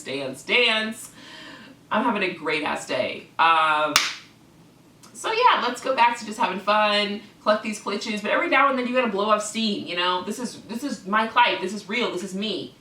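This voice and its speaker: Sweary ranting woman, bright echoey voice. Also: mid-range voice, recorded from a distance, a little hiss or hum. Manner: swaps words for cl- puns. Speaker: clown-persona vlogger. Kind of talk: ranting vlog to camera. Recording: echoey room, away from the mic.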